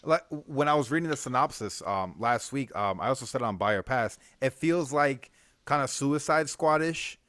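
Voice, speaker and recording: A man's voice: medium pitch, lively intonation, normal speed, fairly bright tone, no echo. A man co-hosting a casual comic book review chat, laid-back and slangy, laughing often.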